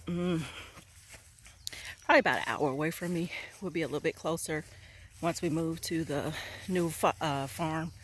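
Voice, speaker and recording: Excited woman vlogging outdoors. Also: low voice, slight background noise. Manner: enthusiastic, chatty, keeps saying y'all. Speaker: homestead vlogger. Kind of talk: casual vlog talk to camera. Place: outdoors on a rural hillside farm.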